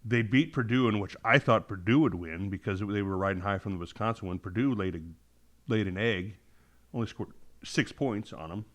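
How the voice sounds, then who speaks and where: A man's voice: on the low side, moderate pace. A man co-hosting a casual sports chat, rambling and correcting himself as he breaks down games, while fighting the hiccups. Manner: thoughtful, rambling, self-correcting. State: has the hiccups. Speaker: podcast co-host.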